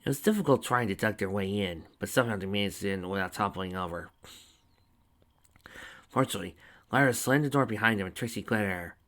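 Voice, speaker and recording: Bright-voiced man reading a story. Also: on the low side, fairly quick. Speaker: story reader. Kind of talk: reading fan fiction aloud.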